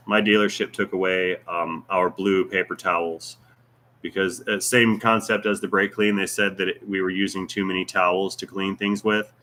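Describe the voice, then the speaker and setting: Floridian Southern man, mechanic host; chatty, rambling, jokey; lowish and bright. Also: a little hiss or hum. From American South. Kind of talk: casual livestream Q&A chat.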